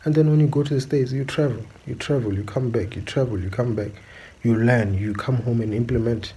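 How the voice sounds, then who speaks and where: Male host, mellow husky tone, preachy opinion commentary. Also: medium pitch, fairly even intonation, fairly quick, rough recording. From South Africa. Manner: preachy, repeatedly asks "do you understand?". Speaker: channel host.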